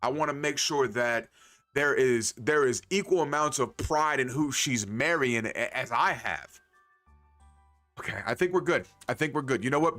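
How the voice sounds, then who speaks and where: Excitable, bright-voiced male streamer. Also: medium pitch, moderate pace, soft background music. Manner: excitable, joking and profane. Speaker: game streamer. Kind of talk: casual live-stream commentary.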